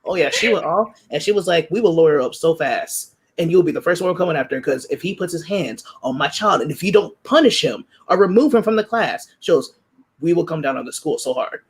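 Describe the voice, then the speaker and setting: Fast-talking young woman telling stories. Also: sits low. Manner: animated, acts out quoted voices. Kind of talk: casual storytelling chat.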